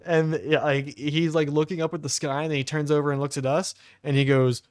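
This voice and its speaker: A man's voice: on the high side, fairly quick, clear, resonant tone, no echo. A young man hosting a podcast, telling a casual story with lots of "like" and acting out the voices of the people in it. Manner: animated storyteller, heavy use of "like", acts out quoted voices. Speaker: podcast co-host.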